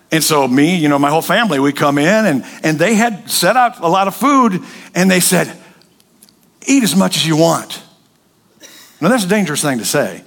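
A man preaching a sermon, telling stories with jokes and acted voices. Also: on the high side. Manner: joking, animated storytelling with acted voices. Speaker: pastor.

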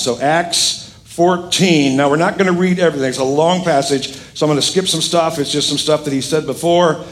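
Middle-aged male pastor, fairly high voice, preaching with animated, joking emphasis. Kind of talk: sermon.

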